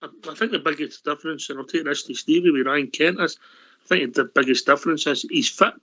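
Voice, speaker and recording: A man's voice: a little high, brisk, bright, forceful tone. A man on a radio phone-in, chatting about football agreeably with hesitant restarts. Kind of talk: casual phone-in chat. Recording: dull lo-fi line.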